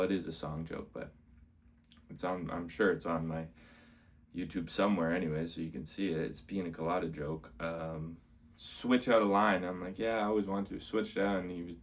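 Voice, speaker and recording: Deep-voiced rambling male comedian. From Canada. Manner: rambling, repeats "amazing", acts out quotes. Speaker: stand-up comedian vlogging. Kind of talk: casual rambling recap.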